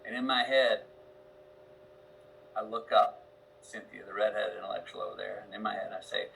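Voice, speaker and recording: Bright-voiced drawling man telling stories. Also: lively intonation, moderate pace, creaky, slight background noise, low-quality recording. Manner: drawling storyteller, acts out his own lines in a low murmur. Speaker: guest actor. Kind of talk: storytelling interview on a video call.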